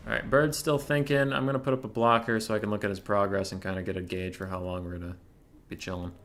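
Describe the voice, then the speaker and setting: A young man streams a strategy tournament and talks the viewers through unit matchups in a casual, rambling way. His voice sits a bit low but has a bright, forward edge. Now and then he works himself up into a mock-furious rant. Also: flat delivery, quick pace, faint music behind. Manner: chatty, mock-furious rants with laughter. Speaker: competitive strategy game streamer. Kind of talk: casual live-stream commentary.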